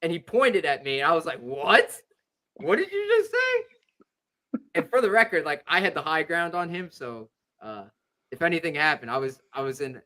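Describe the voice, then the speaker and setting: A young man chats casually on a sports podcast, rambling through a story with constant fillers. His voice sits a bit high and sounds bright and forward. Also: lively intonation, a little fast. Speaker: podcast host.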